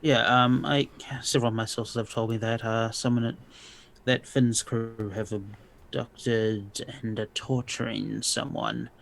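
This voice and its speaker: A man's voice: medium pitch, level tone, vocal fry, a bit bright, poor audio. A man playing a tabletop game in character, hesitant and full of ums. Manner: slow, hesitant, many ums. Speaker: player.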